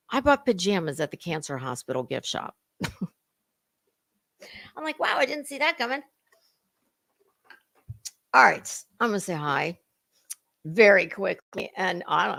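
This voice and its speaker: A middle-aged woman hosts a rambling, casual livestream chat, greeting viewers by name while battling a dry cough. Her medium-pitched voice is gravelly, pushed, and bright.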